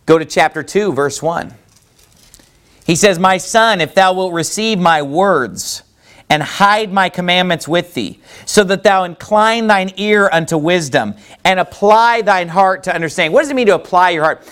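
A man preaching a sermon as pastor, animated and full of rhetorical questions, reading scripture in old-fashioned wording. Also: sits high, moderate pace.

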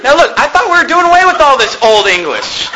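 An American man preaching a sermon, animated and mocking, swinging between loud points and low asides. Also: racing, a little hiss or hum, rough recording. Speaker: pastor.

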